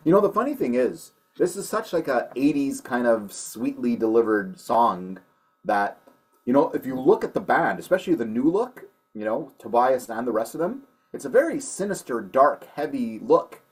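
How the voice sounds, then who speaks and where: A man's voice: medium pitch, very animated, normal speed, husky. A man co-hosting a metal music show, chatting casually and hedging with many restarts as he reviews a song.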